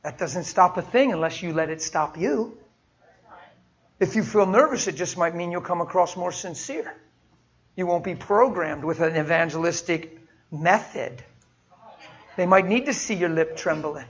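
High-voiced folksy preacher, lo-fi. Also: male voice, moderate pace, fairly bright tone. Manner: folksy, heartfelt, acts out dialogue. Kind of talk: sermon with storytelling.

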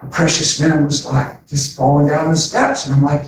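A man telling a story as a preacher, animated and excitable, often calling people "man". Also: on the high side, normal speed. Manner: animated, says "man" often, sped-up bursts. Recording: echoey hall from far off, faint noise.

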